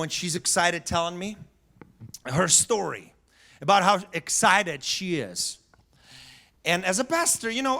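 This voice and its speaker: A male pastor delivers a sermon from the pulpit with an animated, storytelling manner. His voice sits high and sounds bright and forceful. He laughs along with his own stories and acts out the people in them. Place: church sanctuary.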